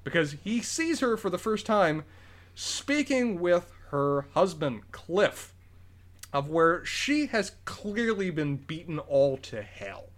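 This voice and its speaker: A man's voice: sits high, very animated. A man co-hosting a podcast, walking through a movie plot in casual, detailed review chat. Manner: detailed, explanatory, quick bursts. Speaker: podcast co-host.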